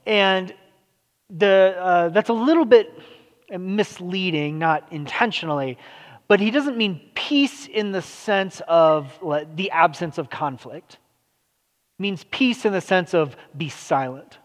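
A man's voice: high voice, slow pace. A man preaching a sermon in a loose, conversational way, full of fillers and restarts. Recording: long hall reverb.

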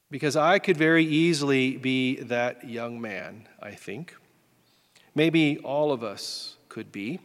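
A man's voice: on the high side, long reverb tail. A man preaching a sermon as pastor, in a folksy, self-deprecating way.

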